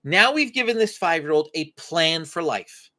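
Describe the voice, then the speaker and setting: A woman's voice: low-pitched, expressive, normal speed, a bit bright. A woman hosting a faith-based parenting Q&A live stream, acting out short parent-child dialogues as she teaches.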